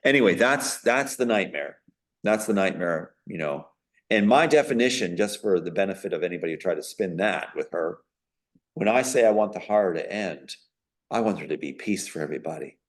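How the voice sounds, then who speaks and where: Guy on an interview, kinda low voice, going on and on all worked up, lots of ums and uhs. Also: animated, fairly quick. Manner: emphatic, indignant, with frequent fillers. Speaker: interview guest. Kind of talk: rambling personal account in an interview.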